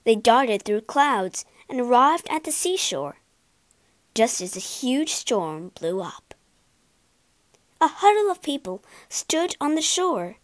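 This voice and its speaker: A woman reading a children's storybook aloud with expressive, dramatic narration. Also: fairly high pitch, slow pace, no echo.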